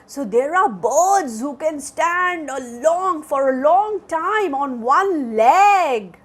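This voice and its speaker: A woman teacher reads a picture book to toddlers in a very high, sing-song voice that leaps up and down. She takes her time over every line. She keeps asking the little ones questions and acts out the bird calls. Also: sing-song, very slow. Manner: sing-song, coaxing, asks children questions; acts out bird sounds between lines. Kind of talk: reading a picture book aloud to young children.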